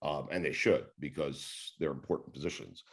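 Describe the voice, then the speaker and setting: A man in his forties with a New York accent, telling stories in a casual interview, rambling and relaxed, swearing and laughing as he goes. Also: a bass voice, normal speed, slightly rough. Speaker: sports radio host, podcast guest.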